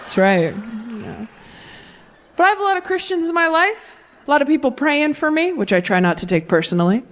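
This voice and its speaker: Sarcastic woman doing stand-up, lively pitch. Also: normal speed. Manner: sarcastic, self-mocking punchlines. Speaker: stand-up comedian. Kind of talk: stand-up comedy set. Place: comedy club stage with live audience.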